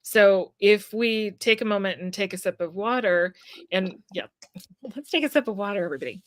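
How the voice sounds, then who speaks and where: A woman hosting a live stream, asking her guest questions in a relaxed, easygoing way and laughing easily. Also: mid-range voice, normal speed, no echo. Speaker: host, psychic medium. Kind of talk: casual live-stream chat.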